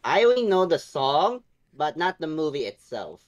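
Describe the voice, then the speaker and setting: A young man co-hosting a casual online chat, sounding sheepish and apologetic, often halting. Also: a little high, big pitch swings, lo-fi sound. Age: young adult. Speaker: co-host.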